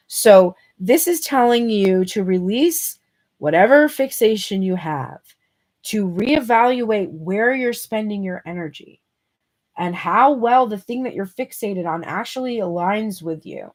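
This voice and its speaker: A woman giving a channeled tarot reading, talking casually and thinking aloud, with excitable bursts of emphasis. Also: medium pitch, measured pace. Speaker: tarot reader.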